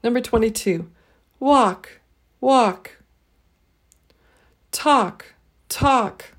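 Slow, deliberate woman teaching pronunciation. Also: on the high side, a bit bright. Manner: says each word twice, clearly and slowly.

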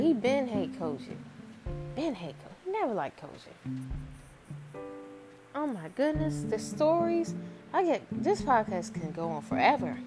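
A young adult woman hosting a casual storytelling podcast, venting in a chatty way and acting out the people she quotes. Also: a little high. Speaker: podcast host. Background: background guitar music.

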